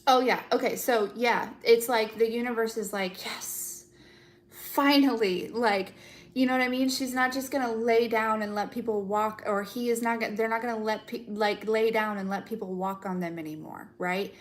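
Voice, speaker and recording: A woman's voice: a little high, fairly even intonation, moderate pace. Chatty, giggly woman doing a reading. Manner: chatty, giggly, swears casually, many fillers. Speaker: tarot reader. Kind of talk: casual spiritual live chat.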